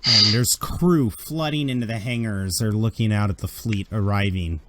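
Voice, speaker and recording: A man's voice: fairly low pitch, moderate pace, heavy background noise. Man laughing through a game narration. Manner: lively, laughing storyteller. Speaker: game master.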